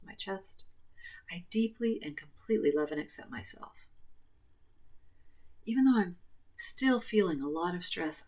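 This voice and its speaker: A woman coaching a guided tapping session, calmly repeating affirmations. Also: lowish voice. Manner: calm, repetitive affirmation phrasing.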